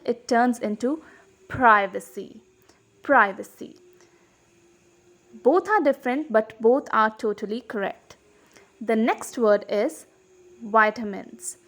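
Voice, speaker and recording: A woman English teacher giving an online pronunciation lesson, speaking in a clear, deliberate way and demonstrating how words are said. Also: on the high side.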